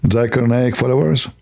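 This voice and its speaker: Hosting a livestream, this man talks in a medium pitch with vocal fry and a slightly mellow quality. He rambles sarcastically in broken, non-native English, keeping things casual.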